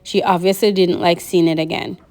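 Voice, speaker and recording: A woman narrating a novel aloud in a lively audiobook reading, voicing the characters. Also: lowish voice, brisk, soft background music.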